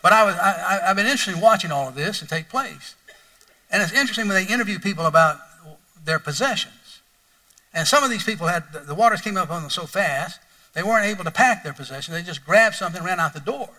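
Animated preacher man, bright and distant. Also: sits high, fast. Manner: animated, conversational, asks the congregation questions. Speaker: pastor. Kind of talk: sermon.

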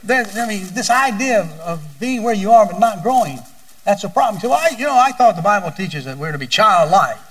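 A man's voice: sits high, expressive, fairly quick, a bit bright, distant mic, low-quality recording. An older man preaching a sermon as a pastor, telling folksy stories and often repeating his words.

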